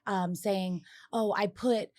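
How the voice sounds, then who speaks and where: A woman co-hosting a podcast, telling stories in relaxed casual chat and dropping quieter in the middle of them. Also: takes it slowly. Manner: relaxed storyteller who drops soft and low into anecdotes. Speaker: podcast co-host.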